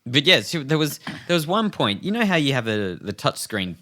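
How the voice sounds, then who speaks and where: Animated, lively man storyteller. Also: medium pitch, moderate pace. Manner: animated storyteller, swears freely, laughs often. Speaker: podcast co-host. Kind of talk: casual storytelling chat.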